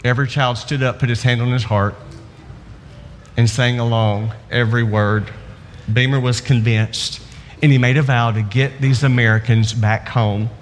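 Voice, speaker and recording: A man's voice: medium pitch, steady tone, a little hiss or hum. Preacher man in a reverberant hall. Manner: storytelling, slows down for emphasis. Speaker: pastor. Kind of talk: sermon.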